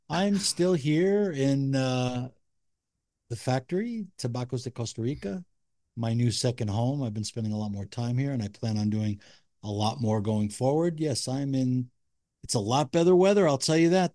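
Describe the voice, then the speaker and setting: Upbeat man with a mellow voice. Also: mid-range voice, lively intonation, moderate pace, dry recording, studio quality. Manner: upbeat, enthusiastic. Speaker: podcast co-host. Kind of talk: casual chat. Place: cigar factory.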